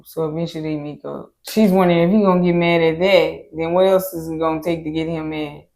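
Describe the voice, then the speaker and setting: A woman's voice: on the low side, steady tone, a little fast, dark tone. A woman co-hosting a reaction show, recapping an episode in casual chat and acting out what the people said. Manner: laid-back, acts out quotes from the episode.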